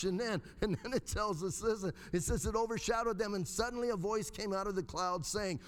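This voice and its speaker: Animated male preacher in a reverberant hall. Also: fairly quick, few pauses. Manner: animated, conversational preaching with dramatic pitch swings. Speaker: pastor. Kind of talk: sermon.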